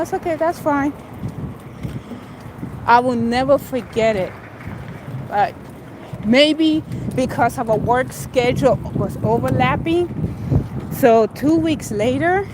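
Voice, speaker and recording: Brief: young woman vlogger, high voice, slow and unhurried, blunt and sassy, outdoor noise behind her. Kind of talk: casual livestream chat.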